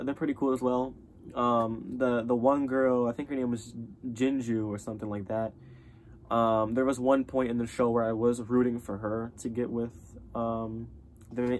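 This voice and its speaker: A man's voice: medium pitch, slight background noise. A young man giving a casual spoken review of a TV show, rambling with many fillers and restarts.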